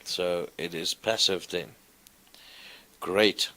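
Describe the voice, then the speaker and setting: A man teaching a class, explaining grammar slowly and reciting verb forms in a sing-song way. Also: sits low, fairly even intonation, bright, forceful tone. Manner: slow, deliberate, recites conjugations in a sing-song. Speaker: lecturer. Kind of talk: classroom lecture.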